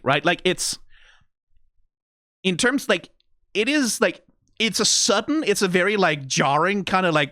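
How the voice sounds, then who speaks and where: Bright-voiced man breaking down animation. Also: sits high, moderate pace, no room sound, clean studio sound. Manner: animated, lots of "like" and "right?", swears casually. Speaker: reaction video host. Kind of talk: casual analytical commentary.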